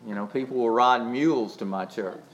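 A male pastor preaching a sermon, with dramatic swings between soft asides and shouted emphasis, sometimes drawing words out slowly. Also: medium pitch, highs cut off, noisy background.

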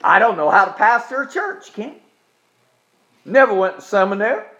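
A man, preaching a sermon in a folksy, joking way and slowing down to repeat his key points with emphasis. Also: high-pitched, big pitch swings, bright, forceful tone, dull audio. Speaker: pastor.

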